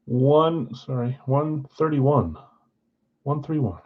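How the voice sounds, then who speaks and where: A man's voice: mid-range voice, lively intonation, slow, narrow, tinny audio. A man hosting a live card break from a card shop, reading out names and teams in a casual, tired way. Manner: casual, reads names off a list, tired and yawning.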